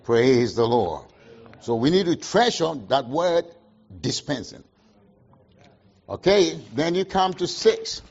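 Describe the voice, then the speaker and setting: Husky emphatic male preacher, lo-fi. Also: on the high side, sing-song, slow, pauses often. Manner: call-and-response questions, emphatic swings in loudness. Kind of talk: sermon.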